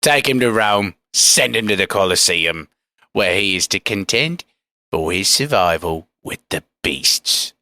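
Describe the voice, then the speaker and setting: A man's voice: low voice, animated, measured pace, sharp tone, dry recording, clean studio sound, heavily acted. A man voicing a scheming, menacing Roman senator in a Cockney accent for a comedic audio drama. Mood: grandiose. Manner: theatrical, with sudden outbursts.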